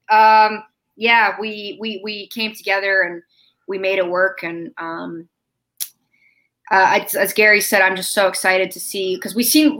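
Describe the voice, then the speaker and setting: A woman being interviewed, telling a family story in a lively, chatty way and acting out the quoted lines. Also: medium pitch, low-quality recording. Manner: animated, acts out quoted dialogue.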